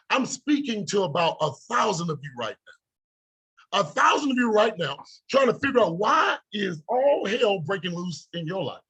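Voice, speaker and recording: A man's voice: high-pitched, a bit bright, husky. A middle-aged man giving a fired-up motivational talk to an online audience, preachy and boastful, repeating phrases and bursting into laughter. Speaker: motivational speaker.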